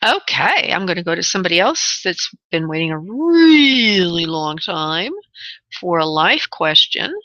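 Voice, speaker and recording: A woman hosting psychic call-in radio, her voice bright and forward in a dry, close sound. She soothes callers with honey and love and thinks aloud as she tunes in. The audio is a little dull and lo-fi. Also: on the low side, big pitch swings, no room sound. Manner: thinks aloud, pauses to tune in. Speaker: radio show host and spirit medium.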